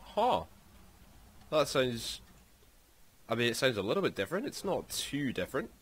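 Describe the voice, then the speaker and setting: A man with a Scottish accent giving casual, excitable commentary over gameplay as a gaming YouTuber. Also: medium pitch, moderate pace, slightly rough. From Scotland. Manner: excitable, exclaims often.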